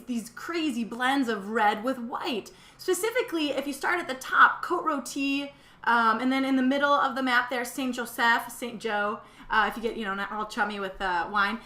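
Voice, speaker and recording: Midwestern woman hosting a chatty wine class, fairly high voice, echoey room. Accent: Midwestern American. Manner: chatty, animated, with frequent fillers and restarts. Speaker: wine school owner and teacher. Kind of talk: presenting a wine lesson with slides. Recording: echoey room with faint background noise.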